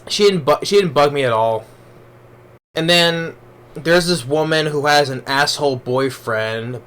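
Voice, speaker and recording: A man's voice: mid-range voice, fairly bright tone, clean tone. A man giving a casual spoken movie review, rambling along with many restarts and fillers.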